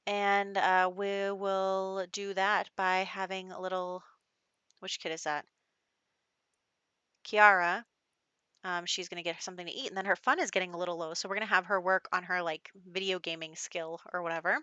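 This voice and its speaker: A woman's voice: on the low side, steady tone, normal speed, sharp tone, clear, resonant tone, no echo, lo-fi sound. A woman giving casual, chatty let's-play commentary on a life-sim game, laughing often. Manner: chatty, laughs often, speaks lines for characters in passing. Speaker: gameplay commentator.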